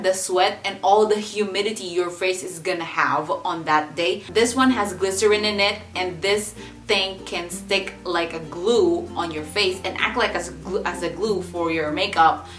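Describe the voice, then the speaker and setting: A woman's voice: on the low side, fairly bright tone. A young adult woman walking viewers through a makeup tutorial in a chatty way, doubling up words for emphasis. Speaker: beauty vlogger. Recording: roomy echo with faint background music.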